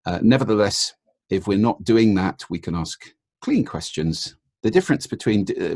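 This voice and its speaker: A man, a guest expert in a podcast interview, explaining in a measured way and demonstrating intonation with his voice. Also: on the low side, lively intonation, darkish tone, dry recording, studio quality.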